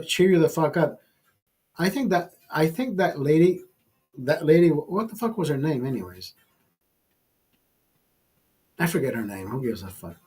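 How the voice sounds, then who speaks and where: A husky man with a fairly high voice tells a raunchy story in a loose, profane ramble. He trips over his own sentences and restarts them, plainly enjoying himself. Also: darkish tone. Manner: profane, rambling and self-amused, with frequent restarts. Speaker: vlogger. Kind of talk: casual storytelling monologue.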